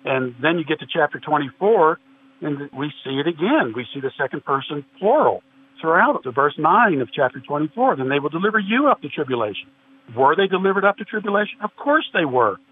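A man's voice: on the high side, sing-song, a little fast. A man earnestly arguing a point of theology in a discussion, quoting scripture at length. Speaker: podcast guest. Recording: tinny phone-like line with faint noise.

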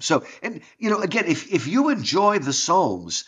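A man talking about poetry and faith in an animated, conversational way, often stopping to read verse aloud. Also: high voice, normal speed, husky. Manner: animated, enthusiastic, reads verse aloud with dramatic drops. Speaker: guest teaching on poetry and faith. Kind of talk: conversational lecture.

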